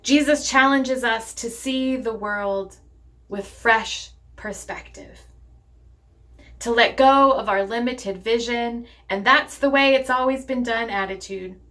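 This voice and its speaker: A woman pastor delivering a sermon in a measured, deliberate preaching cadence. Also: a little high, a bit bright.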